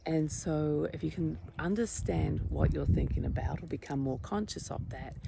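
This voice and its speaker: A woman who teaches meditation, giving a reflective talk in a gentle, searching way that often trails into a whisper. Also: low-pitched, vocal fry, a little hiss or hum.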